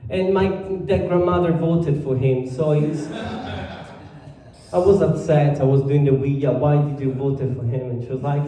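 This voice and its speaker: A man with an Italian accent performing a stand-up comedy set in a halting, deadpan way, full of fillers. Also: a little high. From Italy. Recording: far from the mic in a very echoey room.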